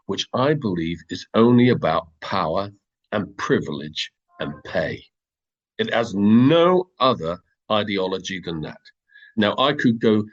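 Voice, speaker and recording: Low husky man, emphatic guest. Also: dull audio. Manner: emphatic, stresses words, lists things. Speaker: guest, former local party chairman. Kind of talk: impassioned political interview.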